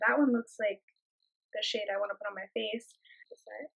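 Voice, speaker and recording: A woman beauty vlogger narrating a casual makeup tutorial in a chatty way, gushing with quick exclamations over the shades. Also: mid-range voice, steady tone, gravelly, slightly rough, highs cut off.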